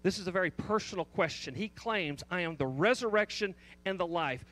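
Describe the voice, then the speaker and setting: A man's voice: sits high, lively intonation, fairly quick, sharp tone. A man preaching a sermon, pressing a repeated question with emphatic stress and frequent restarts. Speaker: pastor.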